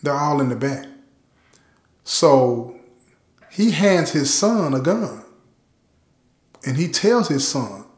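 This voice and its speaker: A man's voice: fairly high pitch, sing-song, slow pace, pauses often. A man casually telling a true-crime story, talking straight to his listeners. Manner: conversational, addresses listeners directly. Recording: roomy echo.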